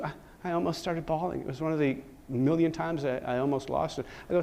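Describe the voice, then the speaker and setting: A man with a slightly higher voice speaks from a conference stage, telling a personal story with drama and self-mocking jokes. He moves between hushed moments and bursts of energy as he acts out each conversation. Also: fast talker.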